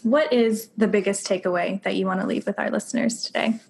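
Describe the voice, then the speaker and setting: A woman's voice: mid-range voice, fairly even intonation, creaky, a little hiss or hum. Affirming woman podcast host. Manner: warm, affirming, quick responses. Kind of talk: interview hosting.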